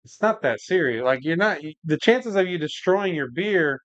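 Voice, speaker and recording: A man's voice: on the high side, lively intonation, normal speed, fairly bright tone, dry recording, lo-fi sound. A man hosting a home brewing livestream, chatting casually and rambling, saying "like" and "man" a lot while he works and answers the chat. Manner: laid-back, rambling, says "like" and "man" a lot.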